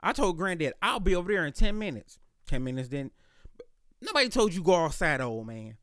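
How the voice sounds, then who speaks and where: A man with a slightly high voice tells a casual story on his podcast, animated and full of slang and cursing. The recording is dry and close, with no room sound. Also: brisk, smooth, dry recording. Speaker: podcast host.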